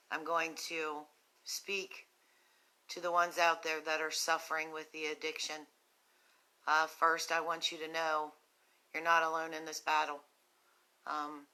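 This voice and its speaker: A West Virginian woman speaks into her phone on a live stream, low and steady in pitch, with a bright, clear tone. She is sick with a cough and has a cough drop in her mouth, and she talks slowly and gently to people struggling with addiction, filling the pauses with ums. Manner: slow, gentle and compassionate, with frequent ums. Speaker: host of a recovery nonprofit's live video. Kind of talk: earnest live-stream talk to viewers.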